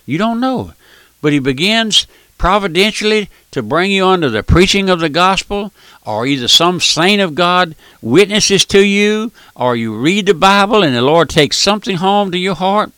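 Fiery preacher man, lively pitch. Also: unhurried, clean tone, no room sound. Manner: fiery, emphatic preaching with folksy expressions. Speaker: radio preacher. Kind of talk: radio sermon.

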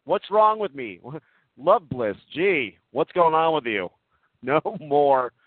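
A man's voice: on the high side, very animated, takes it slowly, dry recording. Giggly earnest man, tinny lo-fi sound. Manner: gentle, overly earnest, with frequent giggles and ums. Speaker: comic prankster addressing an online group chat. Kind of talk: comedic earnest role-play. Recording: tinny phone-like sound, dry.

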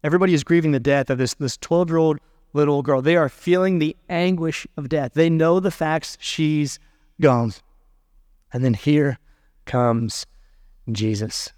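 A male pastor preaching a sermon in a conversational way, reading scripture aloud with pauses. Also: fairly high pitch, a little mellow, dry recording, clean studio sound.

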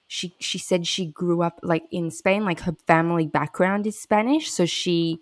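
A woman's voice: fairly low pitch, moderate pace, dry recording, studio quality. A woman chatting casually and gossiping, her talk full of "like" fillers; her first language is Russian. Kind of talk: casual podcast chat.

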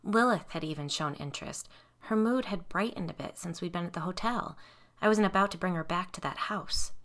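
A woman narrating a horror novel in a steady, even reading voice. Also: lowish voice. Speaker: audiobook narrator.

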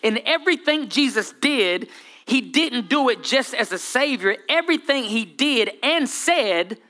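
A man preaching a sermon with humor, dramatic whispers and sudden loud bursts. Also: very high voice, animated, measured pace. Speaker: pastor.

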